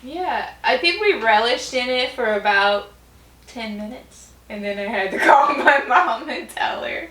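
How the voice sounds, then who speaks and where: A woman's voice: on the high side, expressive, unhurried, fairly bright tone. A woman telling a story in casual chat with her partner, laughing often and talking with lots of fillers. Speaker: vlog co-host. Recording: roomy echo.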